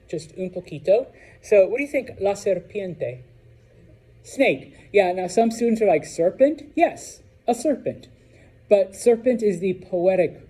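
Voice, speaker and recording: A man's voice: a little high, warm tone, slightly rough. A man teaching a Spanish class to students, talking casually and checking in with "okay?" after each point.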